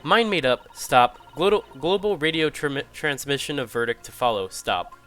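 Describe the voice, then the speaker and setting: A man's voice: a little high, animated, normal speed, a bit bright, clean tone, faint music behind. A man voicing a curt male juror who speaks in clipped telegram phrases. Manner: clipped, ends phrases with "stop".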